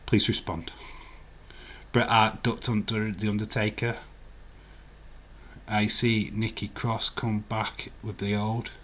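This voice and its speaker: Slow and given to long pauses, this livestream host talks in a fairly low, level, fairly bright voice with slight background noise. His watch-along chat is casual and meandering, with frequent laughter as he replies to viewers' comments.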